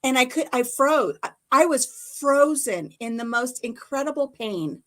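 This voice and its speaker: A woman hosting a live stream, telling funny personal stories in a casual, animated way. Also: high-pitched, a little slow. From Iowa. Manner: animated storyteller, acts out her own cries. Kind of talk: casual storytelling chat.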